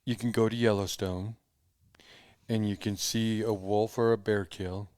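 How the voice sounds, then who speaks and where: A man co-hosting a podcast in casual chat, halting with many false starts. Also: fairly low pitch, little pitch movement, a little mellow, no room sound, clean studio sound. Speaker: podcast co-host.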